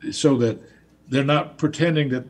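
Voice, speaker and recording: Husky-voiced man with a Southern accent. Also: mid-range voice, steady tone, normal speed. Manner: rambling, repeats words as he restarts. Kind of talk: casual storytelling conversation.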